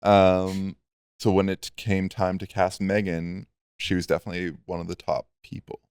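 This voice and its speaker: A man's voice: sits low, little pitch movement, normal speed, a little mellow, clean tone, no room sound. A man co-hosting a podcast, chatting in a laid-back way with dry quips. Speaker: podcast co-host. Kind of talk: casual chat.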